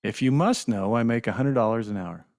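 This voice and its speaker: A man's voice: mid-range voice, a little fast, a little mellow, dry recording, clean studio sound, close to an everyday voice. A man reading out the lines of a tired working father who scolds curtly. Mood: stern.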